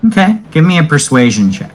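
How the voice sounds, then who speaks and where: A man's voice: a little high, very animated, soft background music, low-quality recording. Chatty man running a tabletop game. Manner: chatty, explains rules at length, quick questions when puzzled. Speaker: game master.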